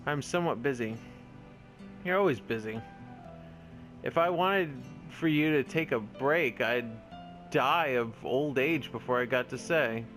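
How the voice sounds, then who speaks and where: A man's voice: fairly high pitch, fairly bright tone. A man reading the lines of a carefree, eccentric male bird scientist in a video game, in a breezy, offhand way close to his own voice.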